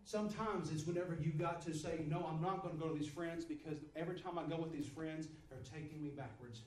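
A man's voice: on the high side, fast talker, darkish tone, roomy sound, far from the mic, a little hiss or hum, rough recording. A man preaching a sermon, emphatic and repetitive, his voice swelling and dropping. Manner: repetitive, emphatic, rises and drops in volume.

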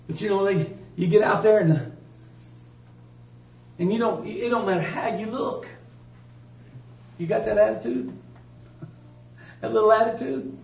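A man preaching a sermon in a folksy, emphatic way, swinging from loud to hushed. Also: sits high, a little slow, long pauses. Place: church. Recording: roomy church sound from a distance.

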